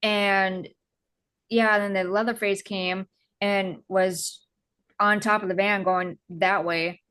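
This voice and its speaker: A young woman co-hosting a casual podcast, recapping a film in a halting way with restarts and lots of filler words. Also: mid-range voice, flat delivery, fairly bright tone, clear, resonant tone. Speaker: podcast co-host. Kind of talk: casual movie recap chat.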